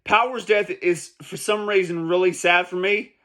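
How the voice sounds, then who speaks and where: High, bright-voiced ranting man. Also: steady tone, normal speed. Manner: emphatic, profane, repeats points for stress. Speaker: manga commentary vlogger. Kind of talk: casual ranting commentary.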